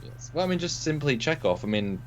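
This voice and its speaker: A man's voice: on the high side, big pitch swings, fairly quick, slight background noise. A man co-hosting a livestream, chatting casually and rambling with frequent restarts, on a desk mic. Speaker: co-host. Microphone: desk mic at computer.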